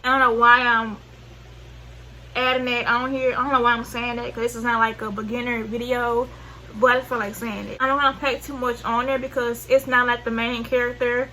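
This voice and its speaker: The audio is poor, with a little hiss or hum, as a beauty vlogger with a Southern US accent talks through a makeup tutorial. Her slightly high voice is sharp and level in tone and a little fast. She rambles chattily, leans on slang, corrects herself, and loses her train of thought mid-sentence.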